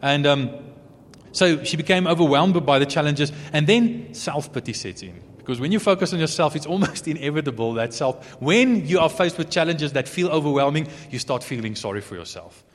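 A man giving an earnest sermon, moving between emphatic points and soft asides. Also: a little high, expressive, brisk. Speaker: preacher. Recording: long hall reverb.

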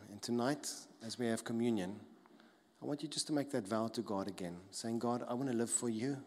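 A man preaching a sermon as a pastor, emphatic, repeating key phrases and dropping soft to stress them. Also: medium pitch. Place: church hall. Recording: long hall reverb.

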